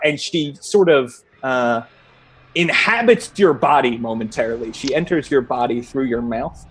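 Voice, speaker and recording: A man running a tabletop game as dungeon master, narrating in a relaxed, halting way with many fillers and laughs. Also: medium pitch, slightly rough.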